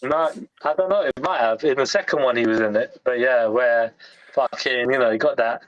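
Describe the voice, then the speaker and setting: Excitable, sweary man on a dull line. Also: medium pitch, moderate pace, dry recording. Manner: enthusiastic, sweary, laughs easily. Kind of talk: casual chat. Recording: dull lo-fi sound.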